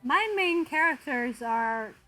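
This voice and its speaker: A woman's voice: high-pitched, lively intonation, slow, pushed and bright, soft background music, poor audio. A young woman streamer chatting casually with viewers, self-deprecating and laughing often. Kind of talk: casual chat with viewers while drawing.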